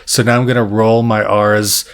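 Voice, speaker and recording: A man's voice: lowish voice, level tone, normal speed, a bit bright, clear, resonant tone. A man giving a beginner's jaw harp lesson, explaining patiently step by step and joking about his own mistakes. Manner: self-deprecating about his playing. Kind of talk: instructional tutorial.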